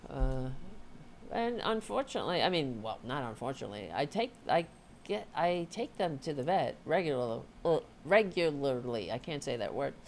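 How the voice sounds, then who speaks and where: A woman's voice: low voice, sing-song, normal speed, a little hiss or hum. A woman hosting a casual livestream, rambling and swearing as she chats and talks to her cat. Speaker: host.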